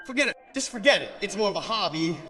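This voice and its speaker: A man's voice: high voice, sing-song, fast, very noisy. A man from Brazil doing stand-up crowd work, teasing audience members and laughing often. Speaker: stand-up comedian. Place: comedy stage before an audience.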